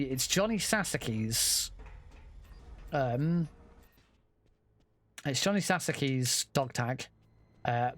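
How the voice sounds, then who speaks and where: A man giving casual, chatty commentary while playing a game, often correcting himself and swearing offhand. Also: medium pitch. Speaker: speedrunner.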